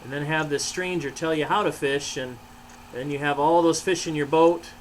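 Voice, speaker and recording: A pastor reading a children's story aloud in the first person, expressive and sometimes hushed, and speaking directly to children. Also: male voice, fairly high pitch, normal speed, slight background noise, rough recording.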